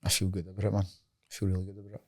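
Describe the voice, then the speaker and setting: A man's voice: sits low, monotone, racing, darkish tone, husky, no echo, clean studio sound. A Scottish man in his late thirties, a fighter guest on a podcast, chatting casually, swearing freely and often asking "you know what I mean". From Scotland. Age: 30s.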